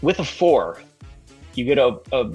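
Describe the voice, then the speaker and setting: A man narrating as game master of a tabletop game, lively and playful. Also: medium pitch, measured pace, highs cut off, soft background music.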